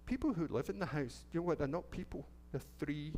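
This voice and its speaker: A man's voice: a little high, expressive, brisk, a little mellow, slight background noise. A middle-aged Scottish man, a minister, telling a children's story in church in a chatty, playful way and asking the children questions. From Scotland. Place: church sanctuary.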